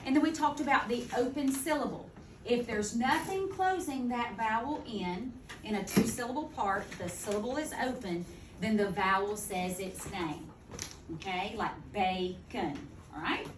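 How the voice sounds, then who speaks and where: A woman teaching a second-grade phonics lesson, speaking clearly and deliberately. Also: on the high side. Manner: clear, deliberate teacher talk, slowing to model words. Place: classroom. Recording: echoey classroom from far off, noisy.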